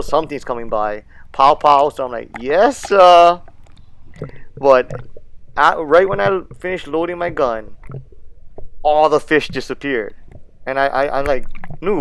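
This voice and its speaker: A man, casually narrating his fishing and diving video in an excitable, laid-back way, laughing often and using island slang. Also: mid-range voice. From Hawaii. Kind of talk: casual narration over footage.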